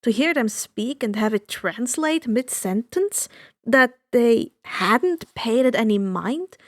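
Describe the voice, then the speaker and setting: High-voiced woman reading fan fiction. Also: expressive, takes it slowly, no room sound, clean studio sound. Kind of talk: audiobook narration.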